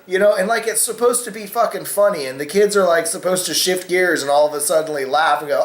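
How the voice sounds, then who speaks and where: A man's voice: sits high, a little fast, hardly any pauses, reverberant. A man hosting a casual opinion vlog, rambling with many fillers and cussing freely. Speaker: vlogger host.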